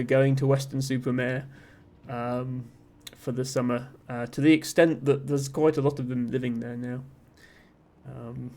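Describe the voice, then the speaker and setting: A man from Somerset in southwest England streams and chats casually, reading viewer messages while rambling and making fun of himself. He speaks with a generic Southern English accent in a medium-pitched, darkish voice.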